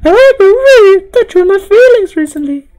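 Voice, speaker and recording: A man voicing a cheerful, excitable teenage schoolgirl in a high falsetto while reading a visual novel aloud. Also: a little fast.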